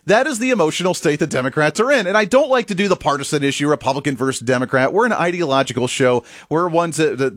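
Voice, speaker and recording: A man hosting a political opinion show, animated and mocking, laughing often. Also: a little high, no room sound, studio quality. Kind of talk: opinion commentary.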